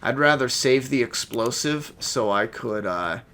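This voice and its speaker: A gameplay streamer with a stuffed-up nose offers laid-back, chatty, profane commentary as he plays. His mid-range voice is fairly bright, unhurried, and lively in intonation, with slight background noise.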